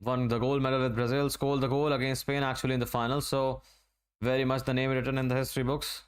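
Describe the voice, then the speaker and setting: A man from Asia giving relaxed, running play-by-play commentary during a live football watch-along stream. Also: medium pitch, clear, resonant tone. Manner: running play-by-play, conversational and unhurried.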